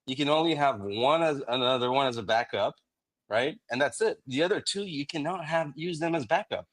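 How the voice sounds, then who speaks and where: A man's voice: on the high side, expressive, fairly quick, fairly bright tone. A man on a casual crypto livestream, ranting at length and cursing freely. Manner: ranting, profane, explains at length.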